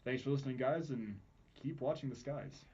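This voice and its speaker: A man's voice: medium pitch, moderate pace, mellow, husky. A man hosting a podcast, chatting casually with crude jokes, in muffled lo-fi audio. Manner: crude, joking banter. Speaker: podcast host.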